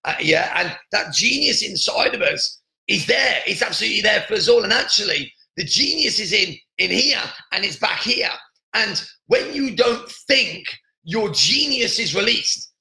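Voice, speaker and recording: An earnest man talks through a motivational podcast monologue, circling back and restarting his sentences. His voice sits high and bright, with a gravelly rasp in it. The room around him is echoey. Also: lively intonation, normal speed. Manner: earnest, repetitive, many restarts. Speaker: podcast host.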